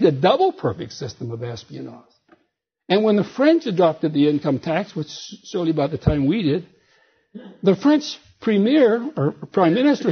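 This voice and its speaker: An older man, an author, giving a lecture full of wry, folksy anecdotes in a husky voice. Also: high-pitched. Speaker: speaker and author. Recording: dull lo-fi recording.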